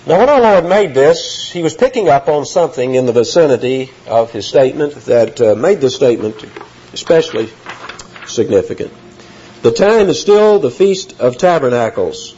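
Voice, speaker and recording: A man's voice: medium pitch, lively intonation, normal speed, warm tone, husky. Earnest male preacher, lo-fi. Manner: earnest teaching tone, rising emphasis on key phrases. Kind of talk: expository sermon. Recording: dull lo-fi recording.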